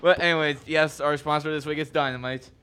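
A man's voice: on the high side, steady tone, a little fast, bright, forceful tone, smooth. A young man co-hosting a casual college radio show, laid-back, answering in short easygoing replies. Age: young adult.

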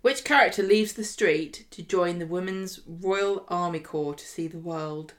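A woman's voice: on the low side, unhurried. A British woman co-hosting a podcast, reading quiz questions and teasing her co-host with dry remarks. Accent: British English.

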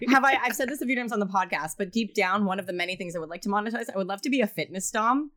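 A woman hosts a podcast in casual conversation. She bantering dryly and playfully, with an even, mid-range voice. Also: medium pitch, racing. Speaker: podcast host. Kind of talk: casual chat.

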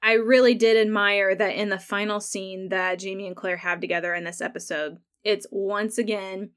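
A woman's voice: mid-range voice, fairly even intonation, normal speed, a bit bright. Chatty woman podcaster recapping an episode. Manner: chatty, laughs often, acts out quoted lines. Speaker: podcast host. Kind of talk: casual solo episode recap.

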